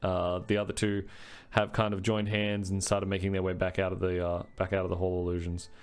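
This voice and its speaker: A man narrating as game master of a tabletop game, halting with many fillers. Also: low voice, completely flat delivery, smooth, faint music behind.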